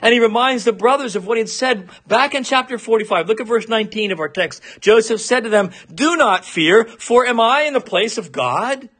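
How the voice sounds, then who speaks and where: A man preaching an expository sermon, earnest, repeating words for emphasis and at times dropping to a soft, low voice. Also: brisk, hardly any pauses. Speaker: pastor.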